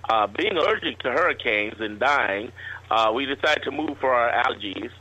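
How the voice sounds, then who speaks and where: A man's voice: medium pitch, lively intonation, normal speed, pushed and bright, husky, rough recording. A man, a guest entrepreneur, telling a rambling anecdote in a casual interview.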